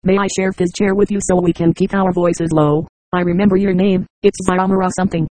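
A synthetic text-to-speech narrator voicing a nervous teenage boy who works as a secret agent, speaking in a hushed, chatty way. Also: mid-range voice, little pitch movement, brisk, no echo, close to an everyday voice, low-quality recording. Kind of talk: audiobook dialogue.

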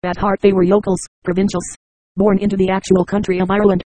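A man reading a novel aloud as an audiobook narrator, in an even, measured way. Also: sits high, no room sound, rough recording. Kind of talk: scripted narration.

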